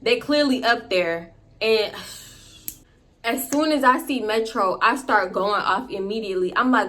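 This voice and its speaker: A woman hosting her storytime channel, telling the story casually, animated and blunt and swearing freely. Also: on the high side, normal speed.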